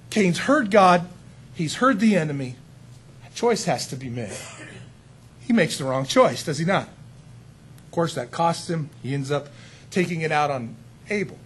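A man preaching a sermon in a conversational, animated way, full of rhetorical questions. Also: a little high, moderate pace, slight background noise.

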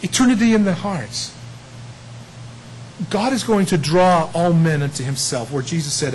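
Male preacher, high-pitched, playful and conversational, with slight hiss behind him. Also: moderate pace, rough recording. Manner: animated, swings between hushed asides and loud emphatic peaks; chuckles often, conversational and playful. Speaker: pastor. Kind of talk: sermon.

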